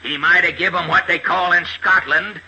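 A man's voice: sits high, steady tone, normal speed, muffled recording. A man voicing a boastful, bumbling police inspector who talks tough and slangy, in 1940s radio comedy style on a noisy old recording. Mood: blustering.

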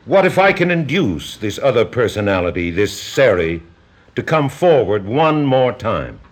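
An actor playing a calm, insistent male psychiatrist in an old film drama, speaking in a measured, persuasive, probing way. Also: medium pitch.

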